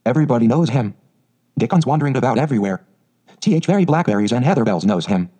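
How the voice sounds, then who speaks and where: A man voicing a surly old male gardener from the Yorkshire moors, speaking bluntly in a gruff Yorkshire accent. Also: mid-range voice, expressive, fast talker, dark tone. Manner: blunt, gruff dialect speech.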